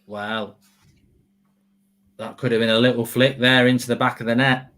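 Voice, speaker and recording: A man hosting a live football watchalong, chatting excitedly with frequent restarts. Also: medium pitch. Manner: excitable, quick restarts and self-corrections. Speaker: host.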